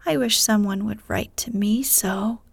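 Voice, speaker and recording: A woman's voice: medium pitch, measured pace, vocal fry, slightly rough, no room sound. A woman voicing a prim, admiring little girl in a whispered role-play, with a dreamy wistful whisper.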